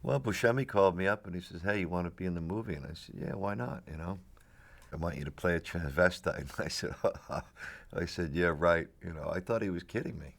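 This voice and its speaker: A man's voice: low-pitched, animated, brisk, creaky. A middle-aged man telling rambling stories in a casual interview. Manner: rambling storyteller with restarts and laughs. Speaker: actor, interviewee.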